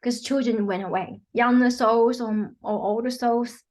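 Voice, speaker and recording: Woman healer talking thru her work, earnest, lotsa "you know"s, voice a bit high. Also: steady tone, measured pace, darkish tone. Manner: earnest, many "you know" fillers, acts out quotes. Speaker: quantum healing practitioner, guest. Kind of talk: explanatory interview talk.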